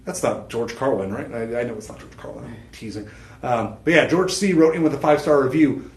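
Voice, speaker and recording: A talkative male shopping host pitches jewelry on a live stream, wandering off into asides and cutting himself short. His voice sits at an ordinary middle pitch and rings with noticeable room echo from the studio set. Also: a little fast. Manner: rambling and chatty, with self-interruptions and laughs. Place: studio set with a TV screen behind.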